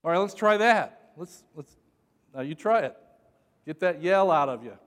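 A male pastor preaching a sermon, who jokes with the congregation and shouts for emphasis. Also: fairly high pitch, expressive, normal speed, in a large hall.

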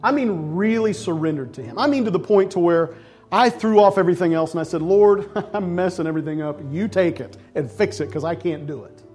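High-voiced pastor telling a lively testimony. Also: male voice, fairly quick, faint music behind. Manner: animated storytelling, acts out voices and shouts. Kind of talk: sermon testimony.

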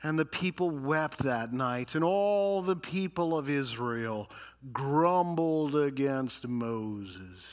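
A man's voice: mid-range voice, animated, takes it slowly. A male pastor preaching a sermon, acting out complaining voices and reading scripture with dramatic emphasis. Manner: dramatic, voices grumblers and reads scripture with rising intensity.

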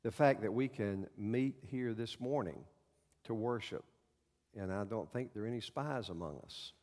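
A male pastor preaching a sermon to his congregation in a church, in a folksy, halting way with many fillers. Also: fairly low pitch, a little mellow, big-room sound. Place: church sanctuary.

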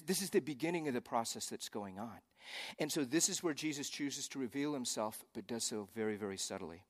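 A man's voice: medium pitch, in a large hall. Joking, conversational male pastor preaching. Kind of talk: sermon.

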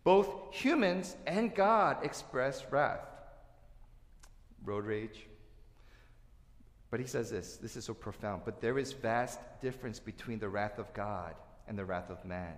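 A male pastor preaching a sermon, animated, swinging between loud emphasis and quiet asides. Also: mid-range voice, measured pace. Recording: echoey hall with long reverb.

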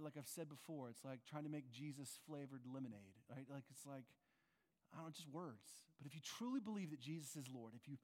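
A man's voice: fairly high pitch, a little mellow. A man preaching a sermon as pastor, earnest and conversational, often asking his listeners questions. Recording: long reverb of a large hall.

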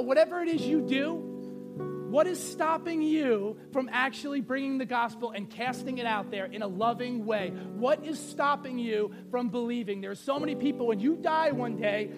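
High voiced guy preaching, tells stories then pushes hard, faint music under it. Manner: storytelling with acted quotes, rising to urgent appeals. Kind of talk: sermon.

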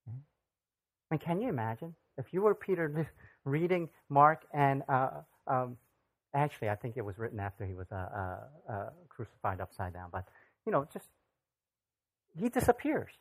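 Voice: mid-range voice, big pitch swings, moderate pace. A pastor giving a sermon in a casual, conversational way, often asking the listeners questions. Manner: conversational, asks the audience rhetorical questions.

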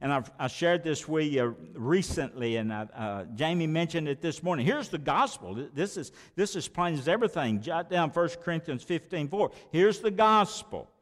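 A man preaching a sermon as pastor, emphatic, repeating words and swinging between loud declarations and quiet asides. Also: on the high side, expressive, normal speed, few pauses, in a large hall.

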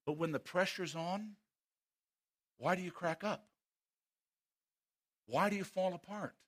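A high-pitched man delivers a sermon, alternating between loud, forceful appeals and quiet, slow stretches. He frequently puts direct questions to the congregation.

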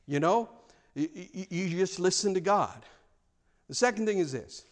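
Earnest higher-voiced male pastor preaching. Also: lively intonation, moderate pace. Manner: earnest, frank, repeats words when stressing a point. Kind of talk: sermon.

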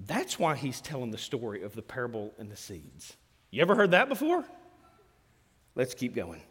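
A male pastor preaching a sermon, animated, swinging between loud bursts and hushed asides. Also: medium pitch, normal speed, slightly rough. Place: church hall. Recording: long hall reverb.

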